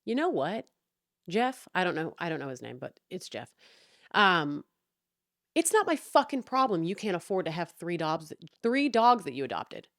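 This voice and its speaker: A young woman hosting a podcast, venting about a neighbor in a heated, profane, animated way. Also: on the low side, normal speed, no echo, clean studio sound. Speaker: podcast host. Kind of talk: casual storytelling rant.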